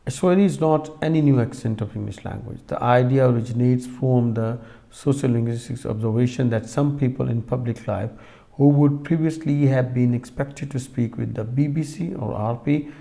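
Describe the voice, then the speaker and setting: This recorded lecture features a man with a mid-range, dark-toned voice and vocal fry. Speaking directly to his students, he goes slowly, stumbling into frequent fillers and restarts.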